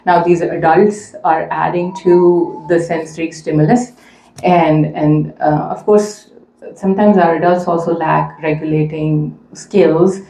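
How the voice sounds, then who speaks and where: A woman's voice: low-pitched, fairly even intonation, measured pace, mellow, slight background noise. A woman telling a personal story as a mother to a community audience, earnestly and conversationally, with many fillers. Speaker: mother speaking at a community event. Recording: echoey room.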